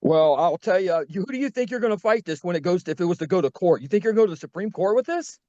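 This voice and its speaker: A man's voice: sits high, animated, very fast, darkish tone, no echo. A man challenging others skeptically in a group discussion on a dull lo-fi call. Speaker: discussion participant. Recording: dry, dull lo-fi call audio.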